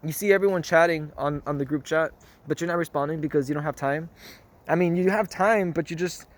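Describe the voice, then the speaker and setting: A man's voice: fairly high pitch, a little fast. A man talking through a reflective monologue in an earnest, rambling way, often repeating himself and checking in with "you know what I mean?". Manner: earnest, circles back to one phrase. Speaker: spiritual vlogger.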